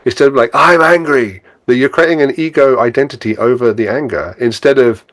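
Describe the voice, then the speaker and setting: A man's voice: medium pitch, fast talker, no echo. A man guesting on a podcast as a spiritual teacher, talking casually and reflectively, laughing often and acting out his own inner thoughts.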